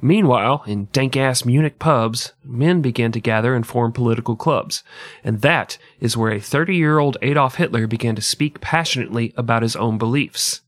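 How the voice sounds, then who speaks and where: A man's voice: mid-range voice, moderate pace, no room sound. A man co-hosting a casual history podcast, joking and sarcastic, swearing freely. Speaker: podcast co-host.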